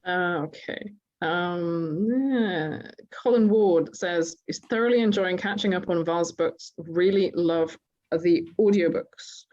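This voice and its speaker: A woman's voice: lowish voice, takes it slowly, darkish tone, muffled recording. A woman moderating an online festival conversation in a light, joking way. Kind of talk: hosting an online festival chat.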